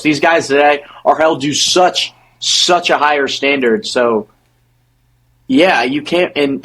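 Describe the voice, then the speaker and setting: A young man co-hosting a podcast, talking fast in a casual sports debate, often stumbling and repeating words as he restarts his thoughts. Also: a little high, a bit bright, poor audio. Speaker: podcast co-host.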